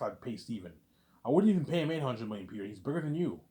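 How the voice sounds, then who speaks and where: A man's voice: mid-range voice, sing-song, quick pace, warm tone. A man ranting casually in a rambling, repetitive way, swearing often and saying "man" a lot. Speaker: vlogger.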